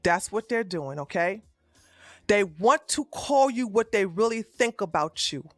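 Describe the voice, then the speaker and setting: A woman's voice: mid-range voice, expressive, a little slow, no room sound, clean studio sound, soft background music. A woman streamer giving heated live-stream commentary in a profane, fiery rant, recorded at a home streaming setup.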